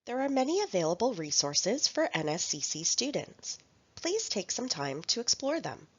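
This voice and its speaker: Woman narrating a lively language workshop. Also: medium pitch, normal speed, no echo, muffled recording. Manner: clear, careful teaching voice reading example phrases. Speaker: language support instructor.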